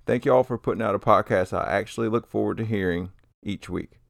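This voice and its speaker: A man's voice: on the low side, brisk, vocal fry, no echo, clean studio sound. A man co-hosting a casual podcast, laid-back and swearing casually, often trailing off and restarting. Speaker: podcast co-host.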